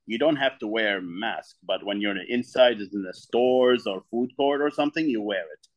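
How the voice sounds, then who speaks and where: A man's voice: fairly low pitch, moderate pace. A man from the UAE answering interview questions eagerly, often restarting his sentences. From United Arab Emirates. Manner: eager, with frequent restarts and repeats. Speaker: guest artist. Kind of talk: casual interview talk.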